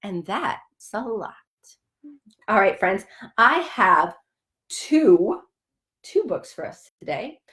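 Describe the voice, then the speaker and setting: A young woman hosting a children's story time, speaking in a slow, sing-song, exaggerated way for young kids. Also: mid-range voice, sing-song, a bit bright. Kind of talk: children's sing-along lesson.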